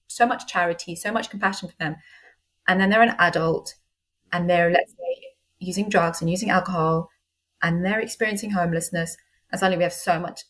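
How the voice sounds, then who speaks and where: An animated woman talking as a podcast guest, in a middle-pitched voice. She is a doctor and life coach who chats casually and acts out the things she says to herself. Her delivery is lively and expressive.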